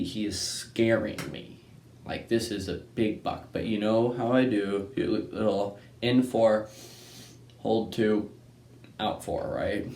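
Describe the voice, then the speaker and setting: A man's voice: fairly low pitch, a little mellow. Rambling young man telling a story. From Texas. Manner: rambling, keeps asking "right?" and saying "anyways". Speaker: hunting channel host. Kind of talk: casual storytelling. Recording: echoey room with faint noise.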